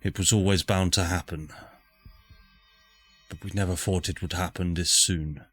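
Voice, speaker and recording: A man's voice: low-pitched, fairly even intonation, fairly bright tone, soft background music. A man voicing a grave, weary woman leader. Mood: solemn. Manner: grave, measured pleading.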